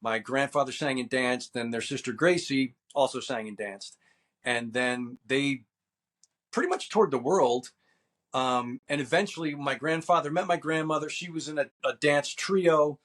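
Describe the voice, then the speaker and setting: A man's voice: medium pitch, moderate pace, fairly bright tone. Easygoing man in his fifties. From New Jersey. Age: 50s. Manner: easygoing, rambling with fillers. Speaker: guest, actor and stuntman. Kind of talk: casual interview.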